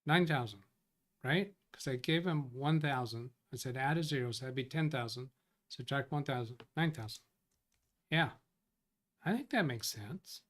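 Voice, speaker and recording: A man's voice: mid-range voice, moderate pace, a bit bright. Man rambling through a live stream. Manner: thinks aloud, reads out viewer comments; rambling, self-correcting. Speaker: tech support livestream host. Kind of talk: casual live-stream chat.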